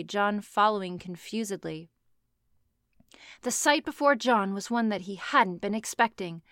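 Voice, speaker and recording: A woman with a smooth, clear voice reads fan fiction aloud and keeps stopping to roast it. Her asides are sarcastic and full of swearing. The recording is close and dry. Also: mid-range voice, fairly bright tone, no echo. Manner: sarcastic, profane, laughs often. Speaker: reader reacting to fan fiction. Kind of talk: reading aloud with comic commentary.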